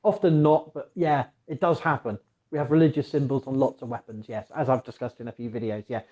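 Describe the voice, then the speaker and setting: A man hosting a casual conversation about the past, talking in rambling, digressive stretches with animated asides. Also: medium pitch, quick pace, rough recording. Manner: mock voices for quoted figures. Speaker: archaeologist podcast host.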